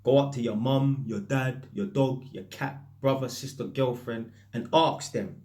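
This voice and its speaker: A man with a British accent full of London street slang, an electrician casually telling stories to camera in a lively, anecdotal way. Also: medium pitch, measured pace.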